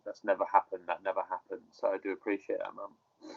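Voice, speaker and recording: Laid-back fighter guest. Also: male voice, low-pitched, monotone, brisk, vocal fry, slightly rough. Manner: laid-back, easygoing, says "innit". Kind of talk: casual interview chat. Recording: dull lo-fi sound.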